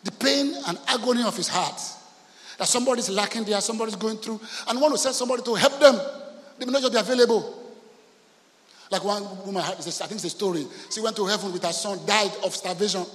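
High-voiced preacher in a reverberant hall. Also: male voice, fast talker. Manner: storytelling, acts out quoted voices, swings from soft to shouting. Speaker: pastor. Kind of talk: sermon.

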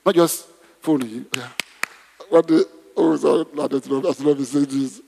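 A man's voice: a little high, fairly even intonation, normal speed, vocal fry, warm tone. A man preaching a conversational sermon in a church, often asking the congregation questions. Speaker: pastor. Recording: long hall reverb.

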